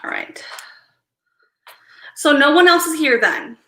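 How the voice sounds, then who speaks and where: A woman hosting a casual livestream, greeting viewers by name, thinking out loud and apologizing often. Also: sits high, very animated, slow, roomy sound. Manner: apologetic, drops to mutters and whispers. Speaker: livestream host.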